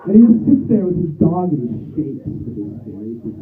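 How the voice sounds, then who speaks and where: A young man doing a rambling, self-deprecating stand-up comedy set with quick asides. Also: fairly high pitch, very animated, far from the mic, slight background noise. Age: young adult. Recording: tinny lo-fi phone-like recording.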